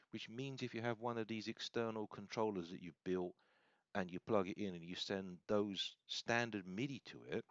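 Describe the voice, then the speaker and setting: A man casually demonstrating software, rambling and correcting himself as he thinks aloud. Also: fairly low pitch, no room sound. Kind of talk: casual screen-recorded demo. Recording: dull, slightly lo-fi sound.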